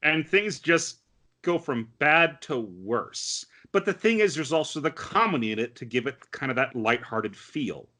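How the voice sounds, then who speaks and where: A man co-hosting a casual podcast, recapping an anime with lots of ums and quick acted-out quotes. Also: medium pitch, expressive, bright, forceful tone. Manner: chatty, many fillers, acts out quotes. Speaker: podcast co-host. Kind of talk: casual anime review chat.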